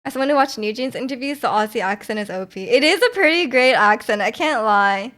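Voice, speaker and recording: Young canadian woman yapping on stream, bit high voice, rambly and giggly, lots of ums. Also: expressive, brisk, fairly bright tone. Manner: rambling, chatty, giggly, many fillers. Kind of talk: casual chat with live chat.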